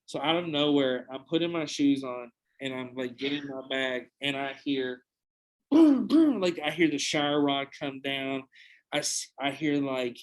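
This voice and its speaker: A man's voice: medium pitch, steady tone, normal speed, rough recording. A young man hosting a podcast, telling a long anecdote in a casual, profane, rambling way with frequent restarts. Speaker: podcast host. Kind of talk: casual storytelling.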